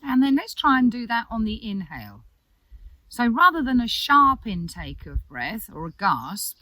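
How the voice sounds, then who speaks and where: A woman guides a yoga breathing exercise in a soft, calm, reassuring voice. Her pitch sits in a middle register, and she leaves long pauses between her directions. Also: dry recording. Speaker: yoga teacher. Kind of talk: gentle breathing instruction.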